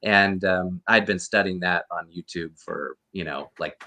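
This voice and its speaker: A man's voice: sits low, unhurried, pushed and bright. A man, a guest actor and costume performer, earnestly telling a rambling story over a video call. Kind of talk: casual storytelling interview.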